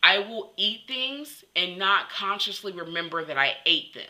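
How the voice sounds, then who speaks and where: A woman's voice: mid-range voice, expressive, moderate pace, bright, forceful tone, rough recording. A young woman talking candidly to the camera in a personal vlog, rambling with lots of "like" and restarts. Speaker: vlogger.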